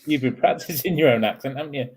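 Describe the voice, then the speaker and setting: A man's voice: mid-range voice, fast, slightly rough. A man co-hosting a casual live chat, hesitant and full of ums, with dry teasing remarks. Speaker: co-host.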